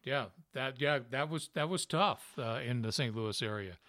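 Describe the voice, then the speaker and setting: A man's voice: medium pitch, normal speed, fairly bright tone, no echo. Male podcast host from Tennessee, ex-radio, folksy storyteller, faint Southern accent, dry close mic. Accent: trained-down Southern. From Memphis, Tennessee. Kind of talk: casual interview chat.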